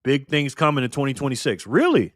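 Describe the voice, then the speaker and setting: Thanking donors by name, a livestream host talks in slang with a playful, very animated energy and a brisk pace. His medium-pitched voice has a fairly bright tone, captured in a dry, clean studio recording.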